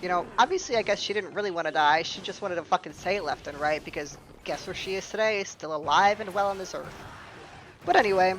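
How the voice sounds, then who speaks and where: A woman's voice: lowish voice, fast, slight background noise, low-quality recording. A young woman telling a storytime vlog in a sarcastic, exasperated, profane way. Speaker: storytime streamer.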